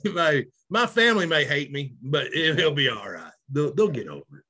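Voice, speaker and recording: A man, co-hosting a podcast in casual chat, animated and self-mocking. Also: on the high side, normal speed, slightly rough. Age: 30s. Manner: animated, loud, self-mocking, laughs often. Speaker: podcast co-host.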